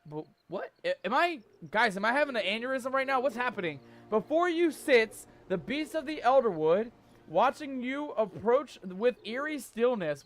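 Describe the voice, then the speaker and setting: A man streaming a game live, joking in mock pirate talk, reading the game's text aloud and shouting out in surprise. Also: very high voice. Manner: laughs often, exclaims loudly.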